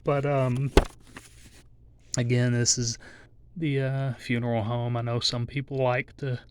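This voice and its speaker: A middle-aged channel host from southeast Texas reads his mother's obituary to his viewers, halting with many pauses and restarts. His voice is medium-pitched and level, and the recording is very noisy.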